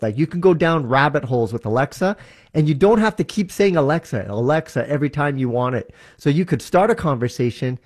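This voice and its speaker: A Canadian man with a slightly raised voice, talking through tech in a casual, eager way. He explains with everyday examples, keeping the tone upbeat. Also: fairly high pitch. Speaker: tech guest. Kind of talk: casual radio chat.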